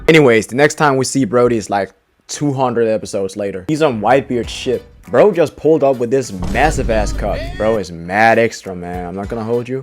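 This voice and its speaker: Young guy doing a slangy hyped rant, kinda low voice, music in the back. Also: a little mellow. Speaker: custom shoe painter and channel host. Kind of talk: comedic casual monologue.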